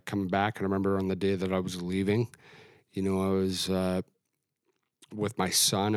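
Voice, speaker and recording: A middle-aged man from Canada giving an earnest, reflective personal testimony in an interview, often halting and restarting. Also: low-pitched, clear, resonant tone, no room sound, studio quality. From Alberta, Canada. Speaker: guest sharing testimony.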